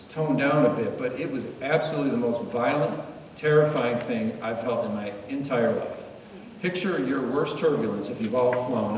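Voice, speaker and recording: A man's voice: medium pitch, a little mellow, slight background noise. A middle-aged man giving a talk, telling his story earnestly with wry humor. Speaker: guest speaker. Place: meeting hall. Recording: echoey hall, mic far off.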